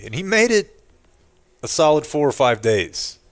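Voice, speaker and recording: A man's voice: mid-range voice, wildly swooping pitch, normal speed, fairly bright tone. A man hosting a radio show, chatting casually and rambling, laughing often and poking fun at himself. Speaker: radio host.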